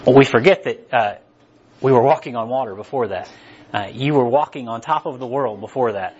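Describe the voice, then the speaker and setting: A man's voice: medium pitch, brisk, husky. Male preacher, casual and conversational, mid-range voice, slightly muffled lo-fi recording. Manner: conversational, asks "right?" often. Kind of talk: casual sermon.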